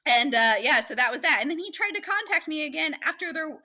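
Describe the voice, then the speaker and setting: Woman, bright tone, slightly high pitch, animated storytelling. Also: quick pace. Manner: animated, chatty, acts out quoted voices. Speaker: guest. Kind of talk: casual storytelling interview.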